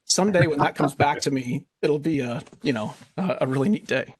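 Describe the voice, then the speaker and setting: A man's voice: fairly high pitch, a little fast, husky, dry recording. A man who makes pens talking in a rambling, heartfelt way on a video call panel. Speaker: penmaker panelist. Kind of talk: casual panel discussion.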